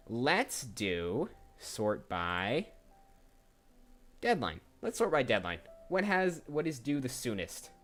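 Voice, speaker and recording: This is a voice actor chatting casually during a livestream, his voice medium in pitch and a touch bright. He talks through his thoughts while browsing and tends to restart sentences, backed by faint music.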